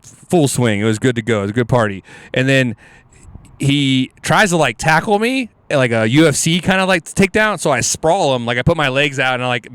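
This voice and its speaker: Man telling a rambling story, smooth dry voice. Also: mid-range voice, no room sound. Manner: rambling, animated storyteller with many fillers and restarts. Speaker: comedian guest. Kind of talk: casual storytelling on a podcast.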